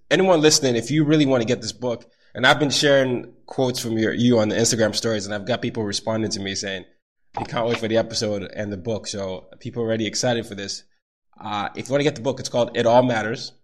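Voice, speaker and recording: A man's voice: medium pitch, a little fast. A young man hosting a podcast, reacting with eager, gushing praise and then asking his guest questions. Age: young adult. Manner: enthusiastic, gushing interjections. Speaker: podcast host. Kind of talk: podcast interview.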